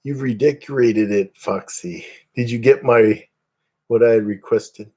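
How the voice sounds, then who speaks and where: A man's voice: mid-range voice, measured pace, a little mellow, breathy edge, dull audio. A man hosting a casual livestream, chatting with viewers in a rambling, self-deprecating, joking way. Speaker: livestream host. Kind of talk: casual chat with live viewers.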